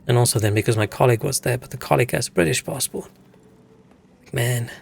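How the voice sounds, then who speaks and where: A man's voice: mid-range voice, fast, creaky, husky. A young man from Africa, chatting casually and swearing as he tells stories while streaming a game. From South Africa. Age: young adult. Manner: rambling, swearing storyteller. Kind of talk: casual chat while gaming.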